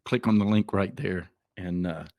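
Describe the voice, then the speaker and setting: A man with a lowish voice hosts a podcast and signs off the show. His delivery is relaxed and full of fillers, and it sounds close and dry with no room around it. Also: normal speed, no room sound. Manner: relaxed, filler-heavy wrap-up. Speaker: podcast host. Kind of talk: casual podcast chat and sign-off.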